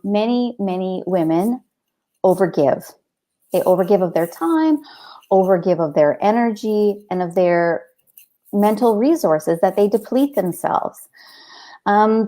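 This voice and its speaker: A woman's voice: mid-range voice, dark tone. A middle-aged woman hosting a live coaching show, talking casually and telling stories with many "like"s and "right?"s. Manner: chatty, storytelling, frequent "like" and "right?".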